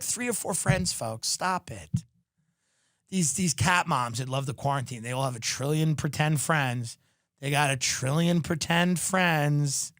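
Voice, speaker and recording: A man hosting a podcast, delivering a sardonic comedic monologue that rants and bursts into mock shouting. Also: on the high side, dry recording, clean studio sound. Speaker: podcast host.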